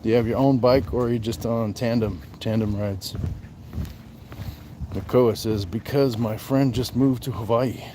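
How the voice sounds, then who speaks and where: A man hosting a casual livestream on a night walk, greeting viewers by name and answering their comments in a relaxed way. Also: medium pitch, measured pace, noisy background. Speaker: livestream host.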